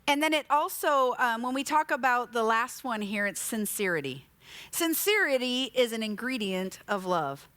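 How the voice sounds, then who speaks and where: A high-pitched, middle-aged woman delivers a church sermon in a chatty, storytelling way. She keeps asking the congregation questions, and her voice sounds close and dry, with no room echo. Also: sing-song, moderate pace, fairly bright tone. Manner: conversational, with rhetorical questions and personal stories. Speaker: pastor. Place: church sanctuary.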